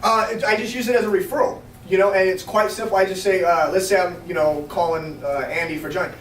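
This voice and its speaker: A high-voiced man rattles off quick, upbeat coaching to a group, keeps asking whether it makes sense. He is picked up from a distance in a roomy space with faint noise behind him. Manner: energetic, fast, coaching with repeated check-ins. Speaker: sales trainer. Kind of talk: training talk to a small group. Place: restaurant meeting room.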